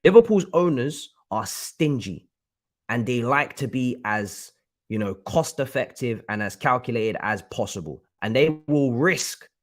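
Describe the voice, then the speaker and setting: A man rants on a live stream about his football club. His voice sits at an ordinary pitch, and he swears freely and hammers the same points again and again. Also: a little slow. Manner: angry, swearing, repeats himself. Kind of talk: heated live-stream rant.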